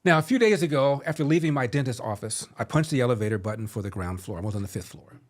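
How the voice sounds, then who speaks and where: A man in his seventies hosting a podcast, telling a story and giving political commentary in a sardonic, measured way. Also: medium pitch, animated. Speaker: podcast host.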